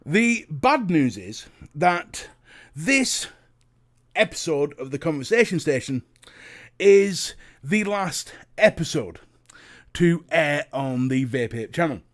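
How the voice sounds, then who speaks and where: A man's voice: on the high side, sing-song, slow. A British man hosting a casual livestream, chatting to viewers and reading their comments, jokey and talking straight to the chat. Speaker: livestream host.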